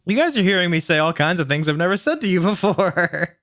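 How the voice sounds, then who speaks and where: A young man reading a story aloud for a comic challenge, animated and laughing through lines. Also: high voice, brisk, no echo, clean studio sound. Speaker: YouTube reader.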